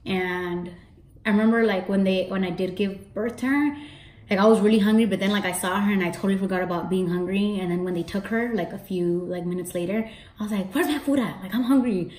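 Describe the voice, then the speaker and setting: Young woman rambling through a story to her camera, swears a lot, normal mid pitch, room echo all around. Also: fairly even intonation, brisk, a little mellow. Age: early 20s. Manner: chatty, swears freely, acts out her own past lines with rising pitch. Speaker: beauty vlogger. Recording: roomy echo.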